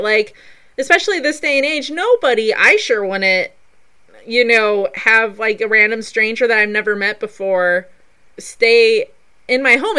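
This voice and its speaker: Bright, smooth-voiced woman host. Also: a little high. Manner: chatty, laughs often, frequent fillers. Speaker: podcast host. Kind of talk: casual chat.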